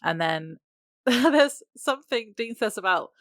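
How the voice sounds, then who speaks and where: A woman co-hosting a podcast, recapping a TV episode in a relaxed, easygoing way. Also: on the high side, slow pace, no room sound, studio quality. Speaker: podcast co-host.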